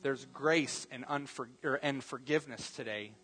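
A man preaching a sermon as pastor, earnest, repeating key phrases and slowing down for emphasis. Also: medium pitch, fairly bright tone, slightly rough, soft background music.

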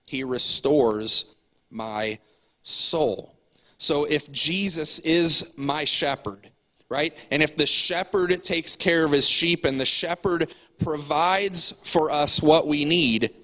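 Male pastor, easygoing conversational sermon, bright tone. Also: fairly high pitch, poor audio. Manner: conversational preaching with fillers and repeated words.

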